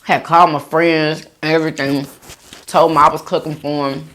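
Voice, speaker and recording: A woman hosting a mukbang video, chatting casually to viewers while eating and reading their comments aloud. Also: moderate pace. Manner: laid-back with lively swoops of pitch. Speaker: mukbang vlogger.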